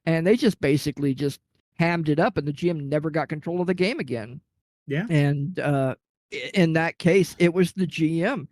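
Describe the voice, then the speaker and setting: Casting: man, rambling and animated, relaxed podcast storyteller, slightly high voice, dry close sound. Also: normal speed, dry recording. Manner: rambling, animated anecdote with acted-out quotes. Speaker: podcast guest telling a gaming story. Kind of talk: casual storytelling chat.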